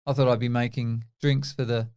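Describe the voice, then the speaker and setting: A man in his fifties with an Australian accent, a former test cricketer telling animated stories in an interview and acting out the dialogue. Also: medium pitch, brisk, clean tone. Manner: animated anecdotes, acts out quoted dialogue. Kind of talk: casual interview storytelling.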